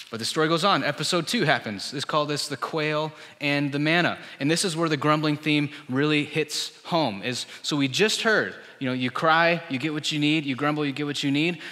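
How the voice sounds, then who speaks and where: A man's voice: mid-range voice, sharp tone. A male pastor giving a sermon in a conversational style, full of rhetorical questions. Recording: church hall with long reverb.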